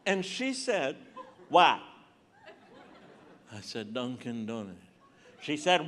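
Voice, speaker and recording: Animated older male stand-up comedian. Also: on the high side, slow, long pauses. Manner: animated, acts out voices and shouts punchlines. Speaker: Christian comedian. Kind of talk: stand-up storytelling. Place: large conference stage.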